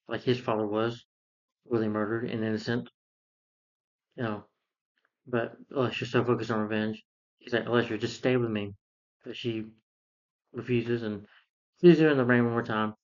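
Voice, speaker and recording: A man recapping a film plot in a casual, rambling way, with many fillers and restarts. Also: mid-range voice. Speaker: film reviewer. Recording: dull lo-fi sound.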